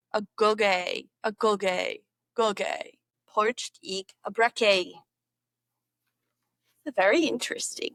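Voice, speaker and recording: A young woman with a fairly high voice reads slang terms aloud in a playful vlog. She giggles and repeats words as she tries them out. The sound is dry and close. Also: unhurried, a bit bright, no echo. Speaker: vlogger. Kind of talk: reading slang aloud and trying an accent.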